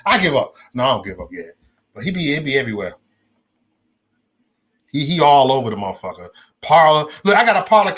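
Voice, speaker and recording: Animated, profane man hosting a livestream. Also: a little high. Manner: profane, loose and rambling, talks straight to chat. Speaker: livestream host. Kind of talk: casual livestream chat.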